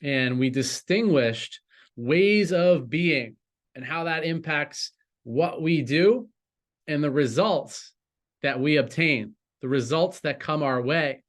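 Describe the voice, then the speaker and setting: A man speaking as a coach in a motivational talk, deliberate and encouraging, with lifts on key words. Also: fairly high pitch.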